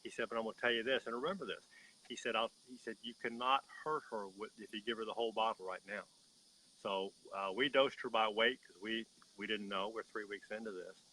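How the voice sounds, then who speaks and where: A man's voice: on the low side, steady tone, brisk, pushed and bright, slight background noise, rough recording. A man, a horse breeder, telling a story in an emphatic, folksy way during an interview.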